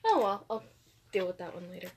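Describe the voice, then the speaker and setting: A woman's voice: mid-range voice, sing-song, fairly quick, gravelly, darkish tone, husky. A tired woman co-hosting a casual podcast, giggly and teasing, swearing freely. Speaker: podcast co-host. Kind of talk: casual chat. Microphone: podcast microphone.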